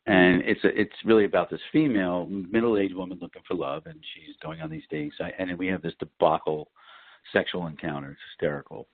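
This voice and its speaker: A middle-aged man from Brooklyn, an actor telling lively stories as an interview guest. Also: brisk, no echo. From Brooklyn, New York. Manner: animated storyteller, lively pitch jumps. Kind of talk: casual interview. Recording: dry, tinny phone-like line.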